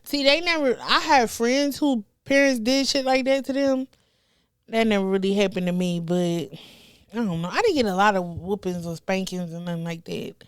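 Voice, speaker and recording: A woman, telling wild stories as a comedian guest, animated and profane, acting out the people she quotes. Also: medium pitch, moderate pace, clear, resonant tone, no room sound, studio quality. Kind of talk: casual storytelling chat.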